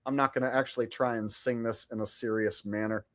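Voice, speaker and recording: A man's voice: medium pitch, steady tone, brisk, few pauses, fairly bright tone. A man chatting casually on his live stream, laid-back with chuckling asides.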